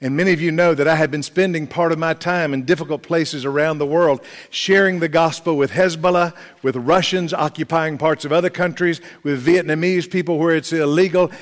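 Dramatic storytelling preacher man, slightly high voice. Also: big-room sound. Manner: dramatic storytelling, rising intensity. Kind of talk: sermon. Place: church.

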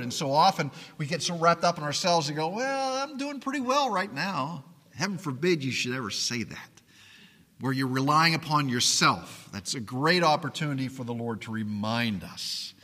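A man preaching a sermon as pastor, earnest and pleading, often dropping to quiet emphasis. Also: medium pitch, long reverb tail.

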